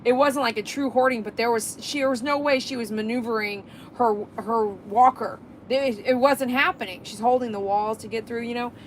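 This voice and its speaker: A woman's voice: a little high, steady tone, normal speed, few pauses, slight background noise. A woman, a dog groomer talking in a casual vlog monologue, impassioned and emphatic, rambling and repeating herself as she makes her point.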